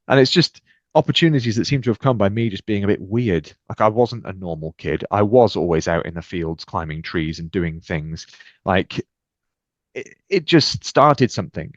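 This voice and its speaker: On a relaxed podcast, a British man with a very low voice animatedly shares his own stories, jumping into energetic impressions of the dialogue. His pace is moderate. The sound is close, dry, and somewhat muffled and dull, with no room sound at all.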